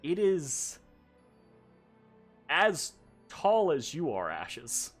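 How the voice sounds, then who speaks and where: A man runs a tabletop game in an unhurried, chatty way, often laughing and circling back to restart his sentences. His pitch sits a bit high and swings widely. Faint music plays behind him. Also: wildly swooping pitch. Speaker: game master.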